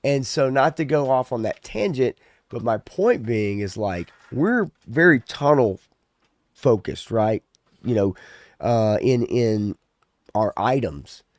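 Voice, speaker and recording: A man's voice: mid-range voice, very animated, slow, no echo. A man co-hosting a casual podcast, talking in a loose, ranting way with plenty of swearing. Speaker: podcast co-host. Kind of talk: casual chat.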